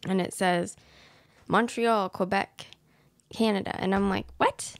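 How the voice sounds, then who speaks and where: A woman's voice: mid-range voice, steady tone, a little slow, no room sound, studio quality. A woman co-hosting a casual movie review chat, explaining and correcting in a matter-of-fact way. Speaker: podcast co-host.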